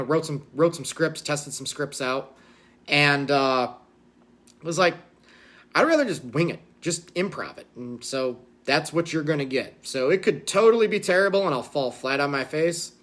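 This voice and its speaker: A man's voice: a little high, a bit bright. A man hosting a casual livestream, rambling and self-deprecating, with lots of fillers. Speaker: channel host.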